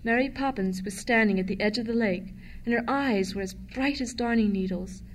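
A woman reading a children's storybook aloud with gentle, expressive narration. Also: on the high side, moderate pace, a little hiss or hum. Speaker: audiobook narrator.

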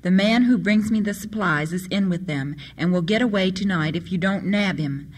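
A woman narrating a storybook in a steady, measured reading. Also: medium pitch, slightly rough.

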